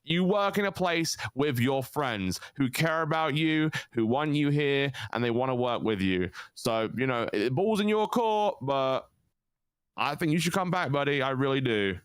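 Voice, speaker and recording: A man's voice: mid-range voice, expressive, normal speed, smooth, dry recording. A man co-hosting a live stream, talking casually and bluntly, full of swearing and pep talk. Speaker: stream co-host.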